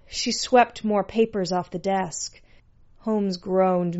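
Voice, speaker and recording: A woman reads a story aloud in a dry, sardonic manner. She takes it very slowly, at a mid pitch, and the recording sounds dull and lo-fi. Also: vocal fry, a little mellow. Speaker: narrator. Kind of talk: scripted story narration.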